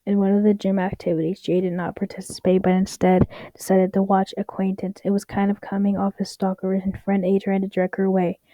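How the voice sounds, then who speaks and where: A young woman reads stories from the internet in a loose, casual way, tripping over words and restarting. Her voice is mellow and fairly flat in pitch. The sound is dry, with no room echo. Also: brisk, hardly any pauses, muffled recording. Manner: stumbles and restarts while reading, wry asides. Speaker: story reader. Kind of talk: casual reading of online stories aloud.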